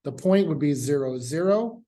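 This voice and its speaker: A man's voice: fairly high pitch, animated, moderate pace, mellow. A man teaching a calculus class in a casual, conversational way, repeating his key points. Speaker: math professor. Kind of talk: classroom lecture.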